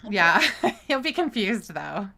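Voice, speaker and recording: A woman's voice: mid-range voice, very animated, takes it slowly, creaky, pushed and bright. A woman co-hosting a live podcast stream, chatting casually and laughing often in a teasing way. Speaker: podcast co-host.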